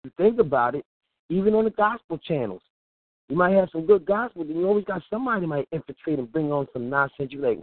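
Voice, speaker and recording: Man, radio host, casual sermon-like talk, big swooping pitch, phone-line sound. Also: fast talker, no room sound. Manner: animated, laughing, preachy and colloquial. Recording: tinny phone-like line, dry.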